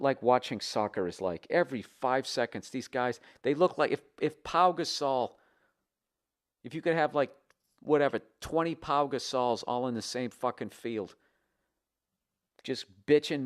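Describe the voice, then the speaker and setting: A man's voice: medium pitch, a little mellow. A man doing a comedy podcast rant, reading an email aloud and tearing into it with sarcastic, profane outbursts. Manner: profane, sarcastic, fired-up ranting.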